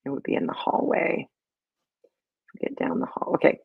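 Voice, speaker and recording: A woman's voice: normal speed, phone-quality sound, heavy background noise. A middle-aged woman hosting a casual live stream about her sketch comedy, telling stories in a chatty, rambling way with lots of fillers. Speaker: sketch comedy creator and host.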